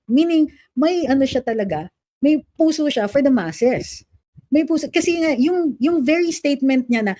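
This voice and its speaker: A woman's voice: high voice, expressive, a little fast, dark tone, dry recording. A middle-aged Filipino woman lawyer giving opinionated political commentary with a Filipino accent, switching between Filipino and English. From Philippines.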